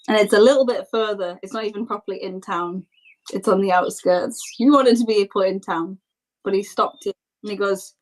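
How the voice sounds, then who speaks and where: Woman GM, casual loose narration, mid pitch. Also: fairly even intonation, normal speed, rough recording. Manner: loose, chatty, lots of fillers. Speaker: game master. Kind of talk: narrating a tabletop game.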